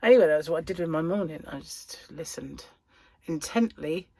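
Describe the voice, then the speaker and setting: A middle-aged woman rambles through a casual vlog chat. Her low voice is gravelly with a slight huskiness. It sounds dry and close, with giggly asides between her thoughts. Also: expressive, brisk, warm tone, dry recording. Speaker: crochet vlogger.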